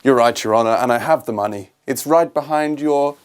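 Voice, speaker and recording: A man voicing a smooth-talking older male con man who speaks softly and meekly. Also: medium pitch, a little fast, natural voice. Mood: sly.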